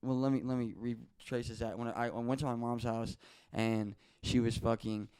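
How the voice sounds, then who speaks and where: A man's voice: mid-range voice, fairly even intonation, normal speed, warm tone, clean tone. A man talking as a podcast guest, telling personal stories in a rambling, heartfelt way, swearing a lot and restarting his sentences often. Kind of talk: casual emotional storytelling.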